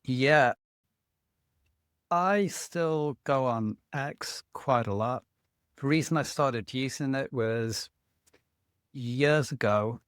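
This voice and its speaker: A man co-hosting a laid-back podcast, thoughtful and working through his ideas out loud. He often reaches for fillers as he talks. His voice sits at a middle pitch, and the recording is close and dry. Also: dry recording. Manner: reflective, thinks aloud with fillers. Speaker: podcast co-host. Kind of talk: casual conversation.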